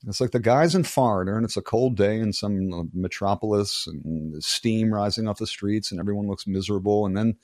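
Low-voiced older man, wry storyteller. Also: fairly quick, few pauses, a little mellow, dry recording, clean studio sound. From Philadelphia area, United States. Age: 60s. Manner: wry, storytelling, laughs often. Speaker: interview guest, author. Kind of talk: casual conversational interview.

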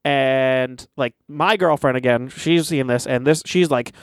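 Young man, casual storyteller, swears a lot, mid pitch, dry close mic. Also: a little slow, smooth, no echo. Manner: animated, swears often, acts out quotes. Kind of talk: casual chat, retelling a movie.

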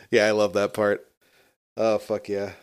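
A man's voice: on the low side, smooth. A man co-hosting a casual podcast chat, laughing often and swearing freely. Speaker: podcast co-host.

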